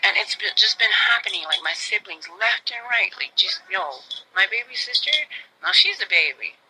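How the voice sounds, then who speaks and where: A woman's voice: mid-range voice, big pitch swings, normal speed, sharp tone, slight background noise, low-quality recording. A young woman hosting a radio show, telling a personal story in a rambling, emotional way and dropping to a near whisper when moved. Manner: rambling, repeats "I said" and "like".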